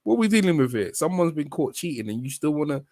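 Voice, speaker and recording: A man hosting a boxing live stream in casual chat, excitable and repeating himself often. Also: a little high, fast talker, no room sound, clean studio sound. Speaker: boxing livestream host.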